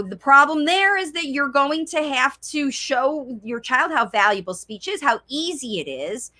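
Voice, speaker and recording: A woman speech coach answering viewer questions in a live Q and A, talking directly to parents. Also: on the high side. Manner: animated, acts out child's voice. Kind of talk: live Q and A chat.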